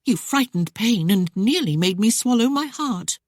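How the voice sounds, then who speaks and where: A woman voicing a spirited, sharp-tongued young noblewoman who teases and defies the man she argues with. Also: on the high side, animated, moderate pace, dry recording, studio quality, pitched above the performer's own voice. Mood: defiant teasing. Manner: teasing and defiant.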